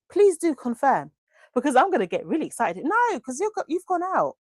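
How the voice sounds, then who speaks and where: A woman hosts a casual craft livestream, reading out comments and calling viewers by pet names. Her voice sits on the higher side and swings widely in pitch. The sound is close and dry at her desk mic. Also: wildly swooping pitch, brisk, darkish tone, no room sound. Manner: chatty and gushing, affectionate pet names. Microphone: desk microphone.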